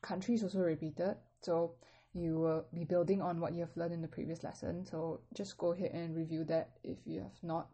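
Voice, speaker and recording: Mellow, low-voiced woman teaching a language. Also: level tone, brisk. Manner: patient, explains step by step with casual fillers. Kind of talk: casual online language lesson.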